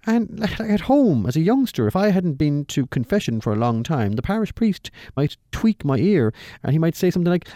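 A man's voice: a little fast, few pauses, no echo, studio quality. A middle-aged Irish man giving a humorous scripted radio commentary, telling stories with wry timing. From Ireland. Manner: wry storytelling with lively shifts in pitch.

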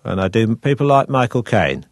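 A man doing an impression of an older British actor with a slight Cockney sound and a low, laid-back drawl. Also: very animated, moderate pace, no room sound, studio quality, natural voice. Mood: droll.

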